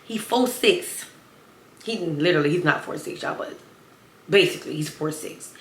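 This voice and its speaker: A woman's voice: low voice, lively intonation, moderate pace, pauses often. A young woman in a casual storytime vlog, talking emphatically to viewers. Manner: chatty, emphatic, addresses viewers as y'all. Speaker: storytime vlogger. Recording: roomy echo, faint ambient noise.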